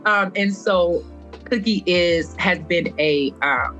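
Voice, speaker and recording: A woman's voice: on the low side, slow pace, fairly bright tone, lo-fi sound, soft background music. A woman, a fitness instructor, speaking earnestly as a podcast guest and repeating phrases for stress. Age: adult past her twenties. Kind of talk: heartfelt podcast conversation.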